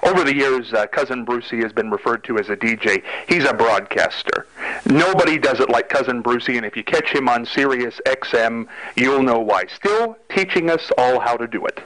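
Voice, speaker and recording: A man's voice: mid-range voice, expressive, moderate pace, fairly bright tone, low-quality recording. A man hosting a call-in segment, enthusiastic and full of praise. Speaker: host. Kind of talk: casual interview.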